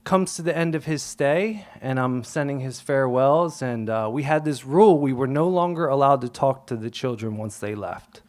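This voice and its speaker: A man's voice: medium pitch, normal speed, hardly any pauses. A young adult man telling a personal story on stage, acting out the voices and dropping to whispers at times. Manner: animated, acts out quotes, drops to whispers.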